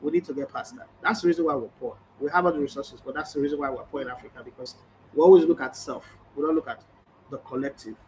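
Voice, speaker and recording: A man's voice: mid-range voice, fast, darkish tone, slight background noise, low-quality recording. A middle-aged Nigerian man hosting a sports vlog, telling stories emphatically and acting out quoted conversations. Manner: emphatic, storytelling, acts out quoted exchanges. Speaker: sports journalist and channel host. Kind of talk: casual vlog monologue. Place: hotel room or indoor space, background ambience.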